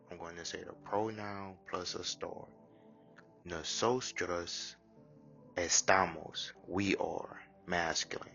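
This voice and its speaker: A man teaching a language lesson, drilling short phrases slowly and deliberately with pauses. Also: low-pitched, a bit bright, highs cut off.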